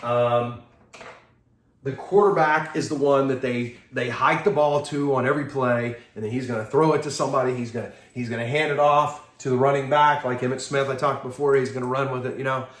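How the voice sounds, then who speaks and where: A man giving a seminar talk, telling lively anecdotes with chuckles and acting out what people said. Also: medium pitch, a little fast, echoey room. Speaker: seminar speaker.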